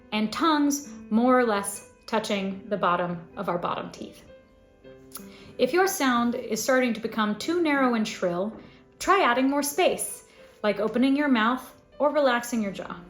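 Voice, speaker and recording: A woman voice teacher giving a scripted singing lesson, explaining clearly and now and then demonstrating sounds. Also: fairly high pitch, roomy sound. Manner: clear instructive delivery with sung demonstrations.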